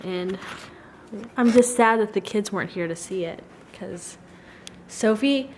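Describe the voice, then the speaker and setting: A woman's voice: mid-range voice, unhurried, darkish tone, slight background noise. A woman vlogger chatting to her camera at home, telling a story in a rambling, emotional, giggly way. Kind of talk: casual chat to camera.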